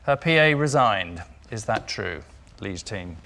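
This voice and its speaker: A man's voice: fairly low pitch, expressive, a little slow, vocal fry, sharp tone. A man hosting a comedy panel show, reading out facts and wry quips. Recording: TV studio with audience.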